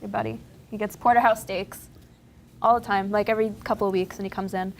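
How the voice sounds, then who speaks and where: A woman's voice: medium pitch, steady tone, fairly quick, slight background noise. A young woman, a guest from a family butcher shop, chatting casually with plenty of fillers. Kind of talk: casual interview.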